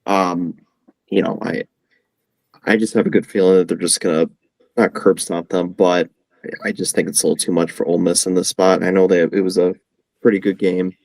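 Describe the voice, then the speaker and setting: A man's voice: low-pitched, little pitch movement, normal speed, creaky, a little mellow, dry recording, rough recording. A young man calling in over a video call to give betting picks, hesitant, with lots of ums and repeats. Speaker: regular panelist. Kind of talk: casual sports betting picks. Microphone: home setup over video call.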